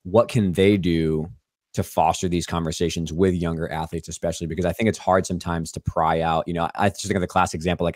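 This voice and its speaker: A man's voice: sits low, little pitch movement, darkish tone, no room sound, studio quality. A man hosting a podcast interview, explaining in a casual way with lots of "like". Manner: quick, explanatory, hedging with "like". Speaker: podcast host.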